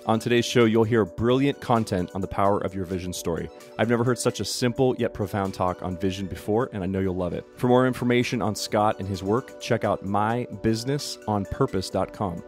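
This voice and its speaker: A man's voice: lowish voice, brisk, hardly any pauses, faint music behind. A man hosting a podcast, chatting in an upbeat, rambling way with lots of fillers. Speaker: podcast host. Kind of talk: casual interview chat.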